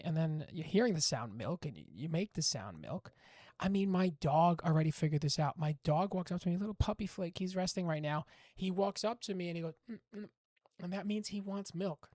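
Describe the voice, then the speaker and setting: A man casually explaining his language-learning method to camera, rambling and animated, often cutting himself off mid-word. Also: high-pitched, no echo, studio quality. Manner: rambling, animated, self-interrupting, often acts out dialogue.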